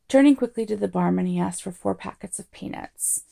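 A woman reading a novel aloud as narrator in a wry, measured storytelling manner. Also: mid-range voice, vocal fry, dark tone.

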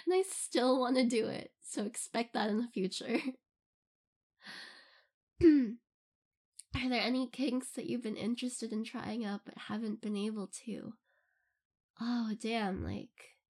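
A young woman with a slightly high voice chats through listener questions. She rambles loosely and breaks into giggles often, in an easy Q&A tone. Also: slow pace, long pauses, darkish tone. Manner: giggly, rambling, laughs often between phrases. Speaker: audio creator answering listener questions. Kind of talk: casual Q&A chat.

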